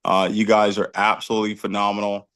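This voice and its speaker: A man's voice: lowish voice, level tone, fast talker, fairly bright tone, clear, resonant tone. A man, a company leader, thanking the team on a video call, with frequent filler sounds.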